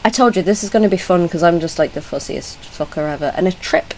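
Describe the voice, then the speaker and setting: A woman's voice: on the low side, fast talker, a little hiss or hum, low-quality recording. A British woman giving casual reaction commentary as a YouTuber, chatty and blunt, laughing often and correcting herself mid-sentence. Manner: chatty, blunt and giggly, with frequent self-corrections.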